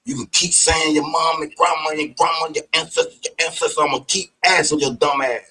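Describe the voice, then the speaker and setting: A man delivering a heated, profane, preachy monologue, combative in tone and breaking into sudden shouted outbursts. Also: on the high side, steady tone, brisk, few pauses, slightly rough, low-quality recording.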